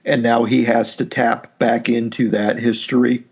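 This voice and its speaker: Gravelly, husky man chatting casually. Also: medium pitch, unhurried, highs cut off. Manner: relaxed, chatty, thinks aloud. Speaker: podcast co-host. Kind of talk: casual book discussion.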